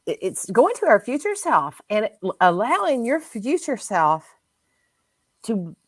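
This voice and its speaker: A woman hosting a casual spiritual chat, speaking in a gentle, reflective and heartfelt way. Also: on the high side, sing-song, takes it slowly, dry recording. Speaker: host.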